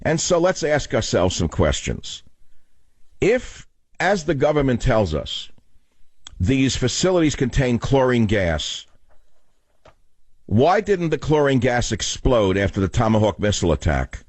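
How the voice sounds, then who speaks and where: A man's voice: mid-range voice, very animated, measured pace, pauses often, a little mellow, no echo. An older man hosting a political talk radio show, lecturing his listeners in a combative, emphatic monologue.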